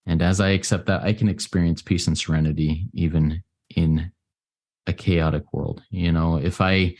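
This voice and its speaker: Low-voiced guy from the states sharing at a recovery meeting, earnest, stops and restarts a lot. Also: steady tone, darkish tone. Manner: earnest, halting, with many restarts. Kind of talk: reflective personal share.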